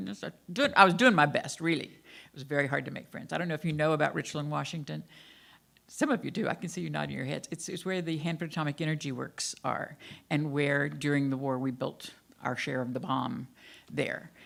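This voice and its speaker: A woman's voice: low-pitched, vocal fry. An older woman minister with a faded Southern accent, giving a candid, self-deprecating sermon about her own life to her congregation. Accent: Southern American, faded. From American South. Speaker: guest minister. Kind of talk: sermon with personal storytelling. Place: church sanctuary.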